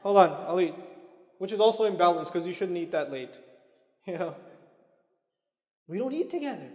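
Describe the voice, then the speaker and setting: Man, religious lecture, high voice, conversational, casual asides, long hall echo. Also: very animated, normal speed, darkish tone. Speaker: Islamic lecturer.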